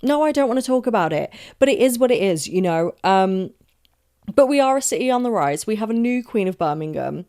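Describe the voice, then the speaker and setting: A woman's voice: mid-range voice, animated, a little fast, warm tone. Chatty young woman ranting. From London. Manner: chatty, rambling and emphatic, with frequent swearing and self-asides. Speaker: podcast host. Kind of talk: casual solo podcast rant.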